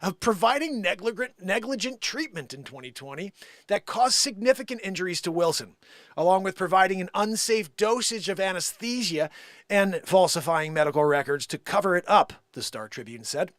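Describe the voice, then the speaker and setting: A man's voice: sits high, expressive, normal speed, fairly bright tone, no echo, studio quality. A man hosting a live comedy stream, reading a news story in a playful mock radio-announcer style and laughing along. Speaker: live music and comedy show host.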